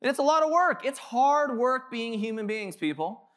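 A man's voice: extremely high pitch, animated, moderate pace, a bit bright. A man in his thirties, a pastor telling joking, casual stories in a sermon at a church. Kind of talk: conversational sermon. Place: church sanctuary.

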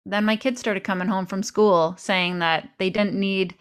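A woman's voice: medium pitch, steady tone, unhurried, clean tone. Woman podcast host from canada, chatty storytelling, acts out what she used to say. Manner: chatty storytelling, acts out her own past remarks. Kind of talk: casual conversational interview.

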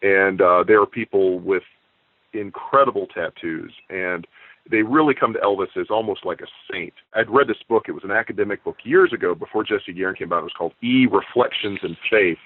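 Low-voiced man telling stories over a tinny line. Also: brisk, husky, no echo. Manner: storytelling, leisurely and reflective. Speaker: comic book writer, guest. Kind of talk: casual interview chat. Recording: tinny phone-line audio, dry.

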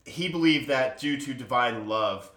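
A man's voice: medium pitch, measured pace, fairly bright tone. A man co-hosting a podcast, joking crudely and swearing often in casual chat. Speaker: podcast co-host.

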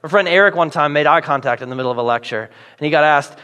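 A male pastor preaching a sermon, telling stories with animated, playful voices for the people in them. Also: fairly high pitch, fast, hardly any pauses. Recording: long hall reverb.

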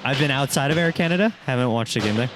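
A man's voice: medium pitch, animated, quick pace. Man, podcast co-host, joking banter, laid-back, background hiss. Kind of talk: casual podcast chat.

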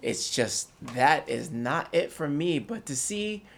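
A man's voice: a little high, animated, takes it slowly, gravelly. A man co-hosting a casual chat, opinionated and rambling with lots of restarts. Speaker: podcast co-host.

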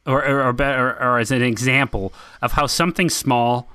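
A man's voice: mid-range voice, fairly even intonation, normal speed, bright, forceful tone, clean tone, no room sound. A man from central Massachusetts co-hosting a podcast, chatting in an opinionated, rambling way with lots of fillers and restarts. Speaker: podcast co-host. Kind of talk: casual chat.

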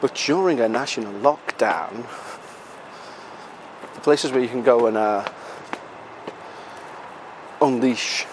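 A British podcaster strolls along a city street, talking in a relaxed, self-deprecating way, a bit breathless and dropping the occasional swear word. He speaks slowly in a mid-range voice and pauses often, with slight background noise.

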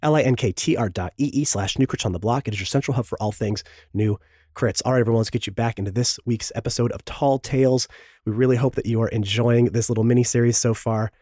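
A man's voice: medium pitch, fast talker, warm tone, no echo, clean studio sound. A man hosting a podcast and reading the show's promos, his throat sore and strained from illness, with self-pitying jokey asides. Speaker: podcast host. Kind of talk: sponsor-style promo read.

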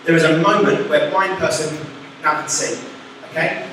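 A man's voice: a little high, normal speed, background noise. A young man preaching a casual, chatty sermon, acting out quotes as he goes. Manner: chatty, animated, acts out quotes. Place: church hall. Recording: echoey hall from far off.

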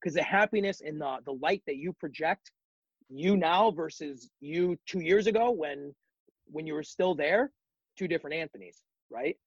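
A man's voice: a little high, moderate pace, breathy edge, dry recording, muffled recording. A man as a podcast guest in casual chat, talking reflectively and encouragingly with many ums.

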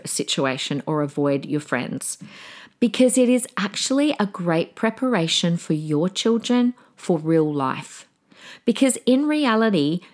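A middle-aged woman hosts a parenting podcast and shares stories in a casual, animated way. Her voice sits a little low. When she quotes herself, she slips into a calm, soothing teacher tone. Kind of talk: casual storytelling advice.

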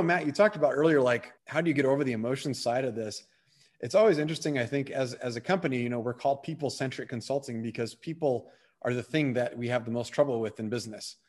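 Guy consultant talking fast, casual storytelling on a podcast. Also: medium pitch, husky. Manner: storytelling, conversational, animated when making a point. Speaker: business consultant.

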